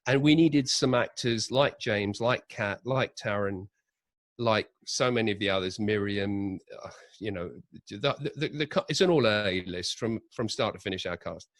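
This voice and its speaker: Low-voiced man telling production stories. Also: normal speed, no room sound. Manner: animated anecdotes with acted-out quotes. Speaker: audio drama director, interview guest. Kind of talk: conversational interview storytelling.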